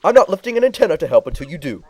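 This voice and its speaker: A man's voice: on the high side, very animated, rapid-fire, darkish tone, husky, pitched above the performer's own voice, low-quality recording. A man voicing a stubborn, proud young creature in a game playthrough, sneering and dismissive. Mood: defiant.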